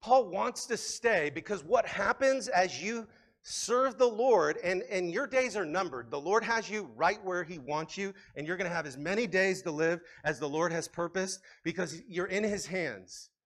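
A man with a fairly high voice delivers a sermon from the pulpit. He talks casually and with animation, repeating and restarting words as he builds his points. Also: normal speed. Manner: conversational, animated preaching with frequent restarts. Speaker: pastor.

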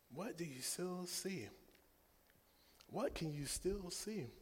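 A male pastor in his thirties preaching a sermon with call-and-response, moving between hushed, tender passages and loud, rousing exhortation. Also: on the high side, breathy edge. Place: large church sanctuary. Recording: long hall reverb in a church.

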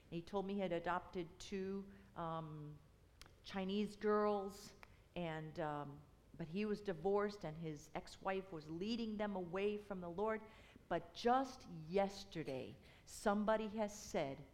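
A woman's voice: mid-range voice, a little slow. Woman, earnest testimony speaker, builds to fervent emphasis; reverberant hall sound. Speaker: university outreach representative. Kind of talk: personal testimony.

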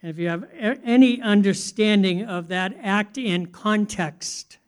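Male preacher, high voice, conversational, asks the congregation questions. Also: measured pace, clear, resonant tone. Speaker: pastor. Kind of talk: sermon.

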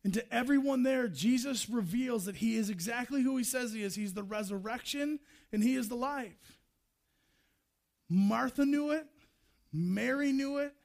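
A man preaching a sermon, emphatic, driving points home with repeated refrains and building to loud passages. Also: very high voice, normal speed, vocal fry.

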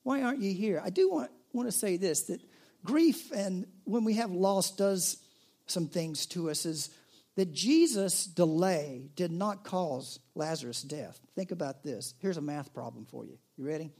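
A man's voice: high voice, animated, measured pace, gravelly, darkish tone. A man pastor preaching a sermon in a conversational, storytelling way, with restarts and asides.

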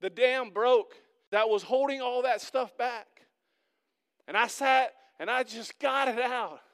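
A middle-aged man preaches a sermon as pastor, talking to his congregation in an earnest, conversational way. His voice sits high and stays smooth and resonant. He often builds to loud, emphatic peaks. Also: measured pace.

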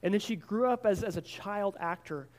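Pastor, male, high voice, earnest sermon storyteller who stumbles and repeats words. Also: normal speed.

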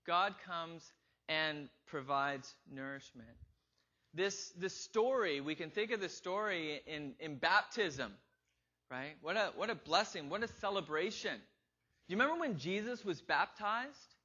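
High-voiced man preaching a sermon. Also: expressive, unhurried, pushed and bright. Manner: conversational, asks the congregation questions; acts out quoted inner voices with rising emphasis. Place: church. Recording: slightly dull lo-fi recording.

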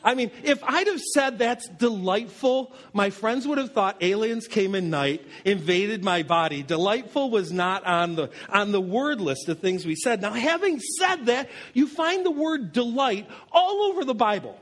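Pastor, male, high voice, storytelling sermon with jokes at his own expense. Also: animated, normal speed, few pauses, fairly bright tone. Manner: anecdotal storyteller with self-deprecating humor.

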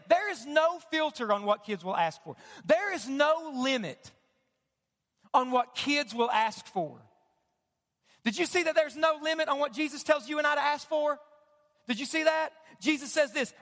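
A male preacher with a notably high, bright voice delivers an animated sermon. He calls on the congregation to repeat after him and answer back. His voice rings with a long reverb through a church sanctuary. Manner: animated, call-and-response with the congregation. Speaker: pastor.

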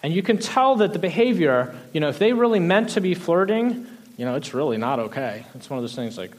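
Animated male preacher retelling a story. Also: on the high side, moderate pace. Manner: animated storytelling, frequent restarts, soft trailing endings. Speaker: pastor. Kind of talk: sermon retelling a Bible story.

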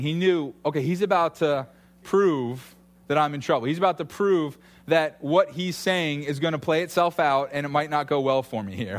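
A man in his thirties preaching a sermon, telling stories and acting out quotes with lively energy. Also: on the high side. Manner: animated storytelling with acted-out quotes. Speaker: pastor.

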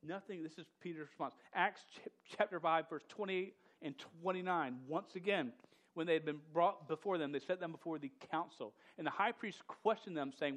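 A man's voice: on the high side, moderate pace. Stammering, emphatic male preacher. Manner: casual and emphatic, with frequent stammered restarts; slangy, says "dude" and "man". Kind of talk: sermon.

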